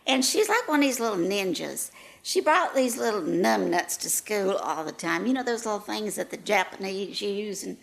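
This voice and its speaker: A woman's voice: mid-range voice, expressive, normal speed, creaky. A woman playing an elderly retired first-grade teacher, rambling through folksy, gossipy stories. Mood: rambling reminiscing. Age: older.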